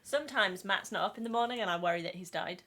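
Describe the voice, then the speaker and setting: A woman chatting casually on a livestream, with a dry way of talking that she says sounds sarcastic even when sincere. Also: medium pitch, fast. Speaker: co-host.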